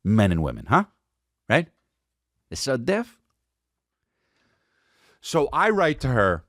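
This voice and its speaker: Male comic podcast host, lively pitch swings, dry close sound, profane storytelling. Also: slow pace, pauses often, no echo. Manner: animated, profane, rambling. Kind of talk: comedic storytelling.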